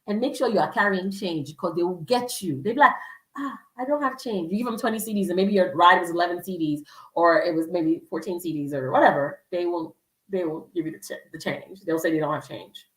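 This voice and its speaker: A woman's voice: on the low side, a little fast, echoey room, far from the mic, poor audio. A woman giving casual travel advice as a vlogger, chatty with lots of fillers, acting out quoted voices.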